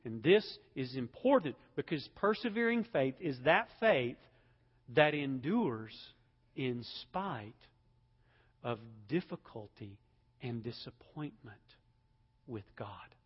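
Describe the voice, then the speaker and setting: A man preaching a sermon as pastor, emphatic, swelling to loud peaks and dropping low again. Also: sing-song, takes it slowly, slightly rough. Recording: dull sound with long hall reverb.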